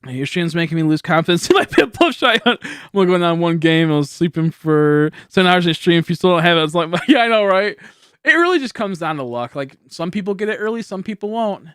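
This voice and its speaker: A man in his late twenties livestreaming from home into a studio mic, chatting loosely and laughing, a little high and slow on the draw. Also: lively intonation, a bit bright, smooth, no echo. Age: late 20s. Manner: rambling, laughing, loose and slowed. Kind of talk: casual livestream chat reading donations. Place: home streaming setup. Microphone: high-end studio microphone.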